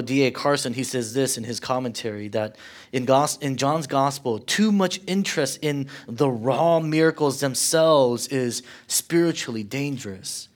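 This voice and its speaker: A man preaching a sermon, his voice pushing louder as he builds through rhetorical questions and sinking quiet when he quotes. His pitch sits in an ordinary middle range. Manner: impassioned preaching, swelling louder on questions and dropping low for quotes. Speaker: pastor.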